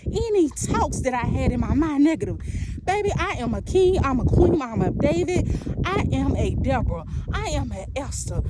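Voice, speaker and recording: A woman's voice: high voice, big pitch swings, moderate pace, heavy background noise. A woman preaching an impassioned prophetic sermon in a rhythmic, repetitive way, calling the listener "baby".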